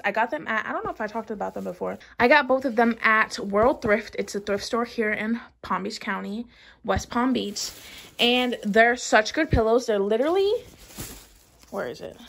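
A woman's voice: on the high side, normal speed, gravelly, fairly bright tone. A woman in her twenties talking casually at home to her camera, bubbly and chatty, with lots of "like" and "literally". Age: 20s. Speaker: vlogger. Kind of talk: casual chat.

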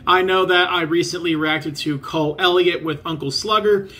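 Upbeat, bright-voiced man hosting reactions. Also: high voice, steady tone, normal speed. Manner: chatty, upbeat introduction. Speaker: reaction video host. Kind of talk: casual reaction vlog.

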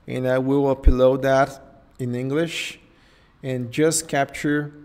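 Slow-talking man with a Portuguese accent. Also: mid-range voice, level tone, a little mellow, smooth. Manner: thinks aloud, tags phrases with "okay?" and "right?". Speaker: host. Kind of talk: live screen-share tutorial.

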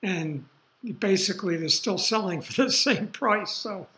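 Older man, lecturer, unhurried rambling talk, high-ish voice, roomy hall. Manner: rambling, relaxed asides with fillers. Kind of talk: university lecture.

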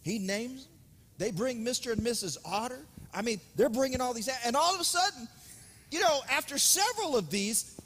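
Male preacher, high husky voice, dramatic build-ups and hushed asides, long hall reverb. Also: big pitch swings, moderate pace. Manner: dramatic, swinging between loud emphasis and hushed asides. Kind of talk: sermon. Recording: reverberant hall, speaker off-mic at times.

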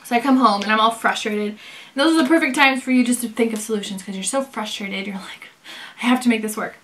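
A woman talks through a leather bag story in a casual, chatty way. Her voice sits on the higher side. She acts out the back-and-forth with the people involved as she goes. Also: fast talker. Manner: chatty, animated storytelling with quoted dialogue.

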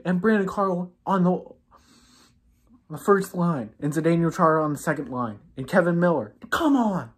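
A woman hosting a sports fan channel, giving an exasperated, scolding reaction rant that swings between low muttering and raised outbursts. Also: expressive, normal speed, husky.

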